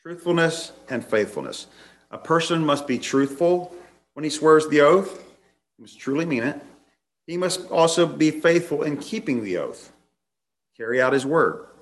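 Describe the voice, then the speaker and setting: A man preaching a sermon, laying out numbered points and reading scripture passages aloud, sometimes restarting his phrases. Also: fairly high pitch.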